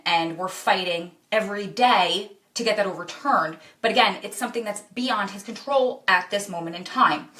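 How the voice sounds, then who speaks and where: A woman's voice: medium pitch, a bit bright, distant mic. A woman vlogger talking earnestly and directly to her viewers in a confessional chat. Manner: earnest, direct address, retelling with quotes. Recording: echoey room, off-mic.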